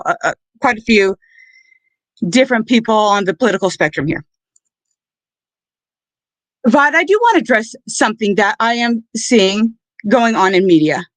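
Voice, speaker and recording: A woman's voice: fairly high pitch, fairly bright tone, no room sound, poor audio. A woman hosting her first solo podcast stream, talking earnestly with many fillers and restarts, sounding choked up. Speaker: podcast host. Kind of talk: solo livestream talk.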